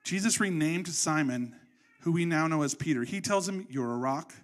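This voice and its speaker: A man preaching a sermon in an animated, conversational storytelling way. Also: a little high, moderate pace. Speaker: pastor.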